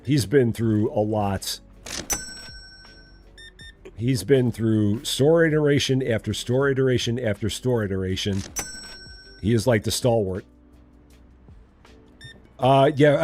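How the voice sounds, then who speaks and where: A man's voice: mid-range voice, animated, unhurried, long pauses, darkish tone, faint music behind. A man streaming a game live, chatting and joking with his viewers. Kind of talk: casual live gameplay commentary.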